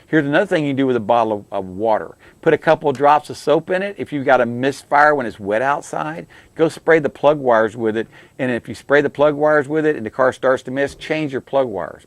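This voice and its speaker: A man's voice: mid-range voice, no room sound. A middle-aged man in a plain mid-range voice, talking through car repairs in a folksy, down-to-earth way and often repeating himself. The sound is dry and close, with no room around it. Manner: folksy, repetitive, plain-spoken advice. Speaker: radio show host, auto technician. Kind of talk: call-in radio car advice.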